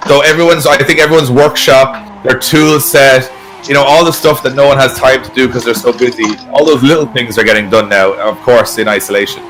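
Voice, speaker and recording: A man's voice: medium pitch, a little fast, a bit bright. A man hosting an online event in casual, rambling chat, often trailing off mid-sentence. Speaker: event host.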